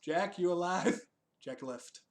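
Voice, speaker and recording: A man's voice: high voice, slow pace. A young man hosting a casual chat, joking, swearing freely and laughing often as he reviews a TV special. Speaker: podcast host.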